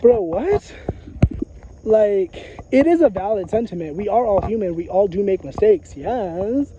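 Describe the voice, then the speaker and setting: A high-pitched man with a very dark, mellow timbre vents in a loose, rambling monologue. He swears freely and circles back to his points over and over. The recording sounds dull and lo-fi, with faint noise behind him. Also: lively intonation, moderate pace. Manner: profane, repetitive, emphatic, frequent filler phrases. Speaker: psychic vlogger. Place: outdoors in a graveyard.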